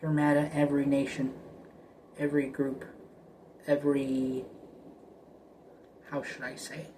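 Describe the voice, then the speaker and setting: A man's voice: mid-range voice, completely flat delivery, a little slow, noisy background. A man ranting casually to camera, profane and repetitive, often stammering and restarting. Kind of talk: casual rambling rant.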